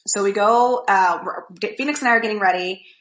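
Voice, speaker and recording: A young woman chats on a podcast, telling a story that wanders, full of fillers and acted-out quotes. Her voice sits at a middle pitch and carries echo from the room around her. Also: a little fast, a bit bright. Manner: rambling storyteller, many fillers, acts out quotes. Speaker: podcast co-host. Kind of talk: casual chat.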